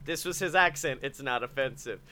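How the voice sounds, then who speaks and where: A man's voice: medium pitch, brisk, music in the background. A man from Alabama, hosting a comedy podcast, joking, laughing often and swearing freely. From Alabama, USA. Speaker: podcast host. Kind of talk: casual comedic chat.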